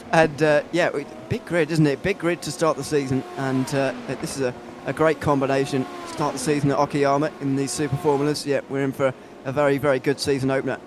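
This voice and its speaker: A hoarse man co-commentating a sim race, talking in a flat monotone with many fillers. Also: medium pitch, a little fast, noisy background.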